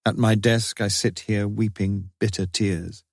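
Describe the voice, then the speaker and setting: Grieving father's diary voice, low and dry, solemn and despairing, as a narrator reads it. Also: little pitch movement, unhurried, gravelly, no echo. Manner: solemn, despairing, theatrical reading. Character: anguished, grieving father writing a confessional diary.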